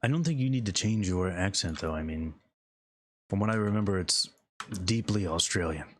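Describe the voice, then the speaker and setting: Deep-voiced man rambling over gameplay. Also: animated, moderate pace, slight background noise. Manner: rambling, chuckles often, trails off mid-thought. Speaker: gaming streamer. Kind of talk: casual gameplay commentary.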